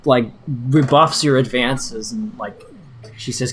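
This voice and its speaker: A man's voice: medium pitch, takes it slowly, a loud crowd. A man narrating the action as game master of a tabletop role-play, casual and full of fillers.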